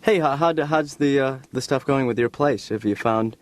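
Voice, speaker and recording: A man's voice: mid-range voice, moderate pace, a little hiss or hum, close to an everyday voice. A man voicing an aimless young adult son who rambles and stammers while asking for a favor. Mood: wheedling.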